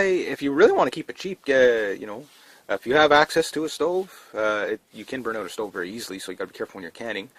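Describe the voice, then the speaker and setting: A man's voice: on the low side, fairly bright tone, no room sound. A man vlogging casually to camera about prepping, talking in a rambling, down-to-earth way with lots of fillers and restarts. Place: indoors in a trailer.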